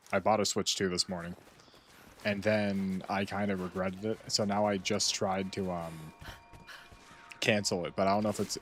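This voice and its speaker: Deep-voiced young male streamer joking around. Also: slight background noise. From United States. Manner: rambling, joking, playful. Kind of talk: casual gameplay commentary.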